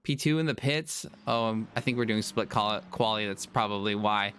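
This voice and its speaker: A man commenting on a sim racing stream live, chatty and quick to apologize and laugh at himself. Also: lowish voice, fairly bright tone, slight background noise. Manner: apologetic, self-deprecating, chatty.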